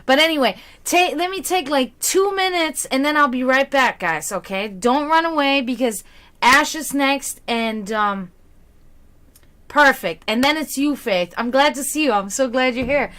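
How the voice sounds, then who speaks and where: A woman's voice: high voice, animated, measured pace, a bit bright. A young woman chatting casually with her stream viewers as a psychic reader, laughing often and restarting her sentences.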